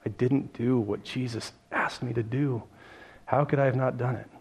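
A pastor voicing Thomas as a grown man quietly reproaching himself for his doubts. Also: medium pitch, steady tone, creaky, slightly rough. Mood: ashamed. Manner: quiet, slow self-reproach.

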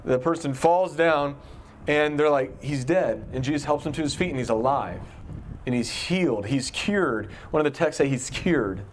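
A man's voice: fairly high pitch, moderate pace, slight background noise. A man giving an informal Bible teaching in a conversational way, asking his listeners questions as he goes. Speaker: pastor.

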